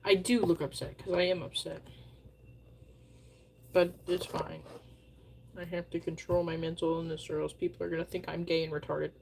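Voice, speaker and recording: A woman livestreamer in casual chat, often talking softly to her dog. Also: on the low side, level tone, normal speed, gravelly, long pauses, slight background noise.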